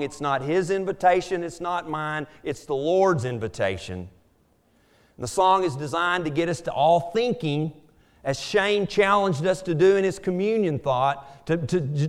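Earnest preacher, slightly high voice. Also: male voice. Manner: earnest, repeats words while building emphasis. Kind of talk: sermon.

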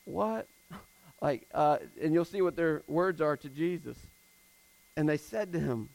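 High-voiced man preaching conversationally. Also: animated, moderate pace, dry recording, rough recording. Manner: conversational preaching with casual fillers; swings between emphatic and hushed. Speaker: pastor. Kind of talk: sermon.

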